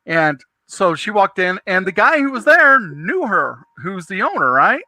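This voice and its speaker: A man telling a long rambling story in a casual chat, with frequent restarts and lively asides. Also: sits high, unhurried, no room sound.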